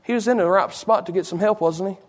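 High-voiced preacher with a folksy delivery. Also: male voice, quick pace. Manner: folksy, with repeated asides to the congregation. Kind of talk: sermon.

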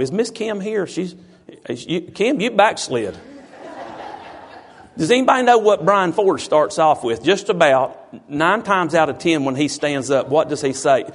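A pastor with a drawl and a high voice preaches loosely to his flock. He talks in a folksy way and keeps calling out people in the pews with playful questions. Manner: folksy, teasing the congregation with questions. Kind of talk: informal sermon to a congregation.

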